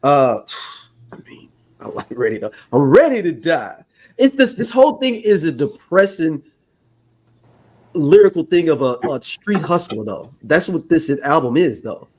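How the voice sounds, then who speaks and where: High-voiced joking man co-host. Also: big pitch swings, a little slow, a little mellow. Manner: joking, teasing, slangy. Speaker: podcast co-host. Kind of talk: casual chat.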